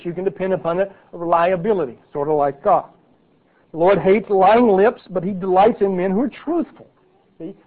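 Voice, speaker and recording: Man preaching over tinny phone-like audio. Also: high-pitched. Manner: conversational teaching, frequent "okay" and "right". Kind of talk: sermon.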